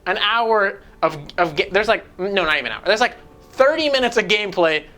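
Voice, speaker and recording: A man's voice: sits high, expressive, a little fast, pushed and bright. Male game reviewer, casual and profane, rambling delivery. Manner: rambling, profane, jumps between points.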